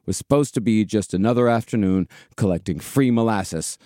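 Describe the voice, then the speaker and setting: A man hosting a podcast, narrating a historical disaster in a measured, storytelling way with casual swearing. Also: lowish voice, warm tone, dry recording, studio quality. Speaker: podcast host.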